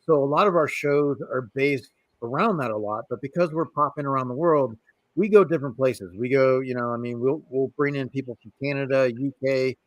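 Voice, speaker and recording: Man, livestream host, rambling, lots of fillers, mid pitch, dry close sound. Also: brisk, no room sound, low-quality recording. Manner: rambling, many fillers and throat clears. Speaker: show host. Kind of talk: casual livestream interview.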